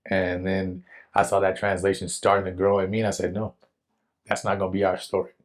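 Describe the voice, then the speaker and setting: A young man telling a personal faith testimony in an earnest, animated way, with casual slang. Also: sits low, fairly quick. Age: young adult. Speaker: guest telling his testimony.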